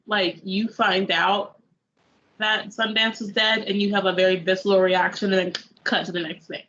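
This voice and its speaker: A woman's voice: mid-range voice, flat delivery, normal speed, a bit bright, lo-fi sound. A young woman on a review panel, chatting casually about a movie, rambling with lots of "like" fillers and acting out her own reactions. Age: young adult.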